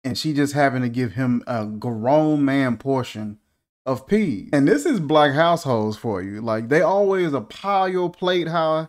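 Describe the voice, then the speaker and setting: A man's voice: medium pitch, lively intonation, unhurried. A man hosting a casual movie reaction, joking and incredulous, asking one rhetorical question after another.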